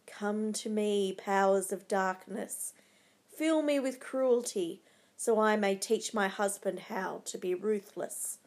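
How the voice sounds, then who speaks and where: A woman's voice: medium pitch, slow pace, darkish tone. A woman voicing a scheming, ruthless noblewoman who coaxes, commands and scorns, read aloud from a storybook. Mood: murmuring, dark.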